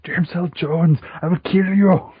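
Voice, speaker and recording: A man doing an impression of a tough male action-movie muscleman, delivering catchphrases in a flat, clipped way over dull lo-fi call audio. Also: high-pitched, measured pace, a crowd in the background, pitched above the performer's own voice. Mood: mock tough.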